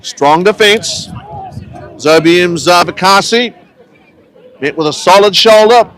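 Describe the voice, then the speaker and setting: A New man calls a local rugby match from the ground, his voice pitched high and his delivery easygoing and conversational. He mixes play-by-play with friendly local asides. A faint crowd murmurs behind him outdoors. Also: takes it slowly, a bit bright, low-quality recording. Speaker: rugby commentator. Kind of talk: live sports commentary.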